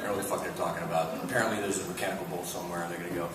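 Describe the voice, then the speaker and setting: A man telling profane, animated comic stories as a guest on a convention panel, often breaking into laughs, recorded in a large hall. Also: sits low, rapid-fire, crowd noise. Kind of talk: comic anecdote storytelling. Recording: echoey hall miked from far, noisy.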